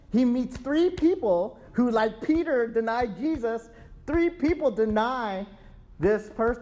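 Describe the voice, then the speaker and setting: A man preaching in a casual, conversational way, acting out excuses and checking in with "right?" as he goes. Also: extremely high pitch. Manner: lively, acts out excuses in quick asides. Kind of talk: conversational sermon.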